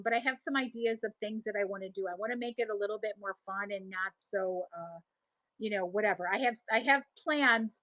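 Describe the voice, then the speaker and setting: A middle-aged woman with a Buffalo, New York accent hosts a casual seller live stream, chatting as she reads viewer comments aloud and answers them. She has a medium-pitched, bright, forceful voice and tends to ramble, trail off and restart her sentences. The recording is dry and rough.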